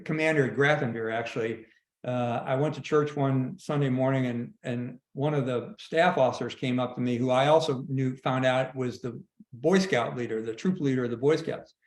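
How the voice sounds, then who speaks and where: A man in his sixties, a retired army general, telling anecdotes in a casual online conversation, with halting restarts. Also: mid-range voice, roomy sound. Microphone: video call.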